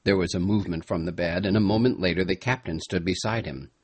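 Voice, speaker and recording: A man narrating a storybook chapter in a measured storytelling voice. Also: sits low, a little mellow, husky. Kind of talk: audiobook narration.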